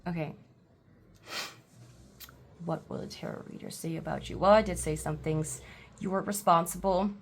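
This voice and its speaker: Woman tarot reader, casual reading from home; lowish voice, stop-start delivery, slightly noisy room. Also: fairly even intonation, creaky. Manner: halting, full of fillers and restarts; blunt, irritated outbursts. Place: home, seated.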